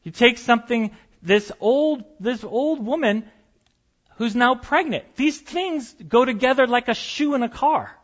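A man's voice: very high voice, measured pace, a bit bright, dull audio. A man preaching a sermon as pastor, conversational and storytelling, with light humor.

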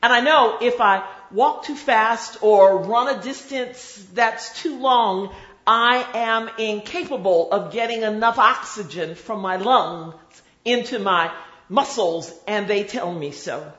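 A woman preaching a sermon in a measured, rhythmic way, with dramatic repetition. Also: medium pitch, a bit bright. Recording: roomy, slightly dull recording.

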